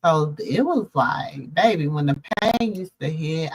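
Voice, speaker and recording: A woman's voice: deep voice, expressive, moderate pace, few pauses, a bit bright. A middle-aged woman hosting a show, telling a personal story in an emotional, preacherly way and calling listeners baby and y'all. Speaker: show host.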